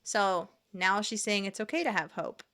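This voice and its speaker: A woman hosts a casual reaction commentary, blunt and sarcastic as she picks clips apart. Her voice sits at an ordinary middle pitch with a bright, sharp edge. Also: moderate pace. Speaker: reaction video host.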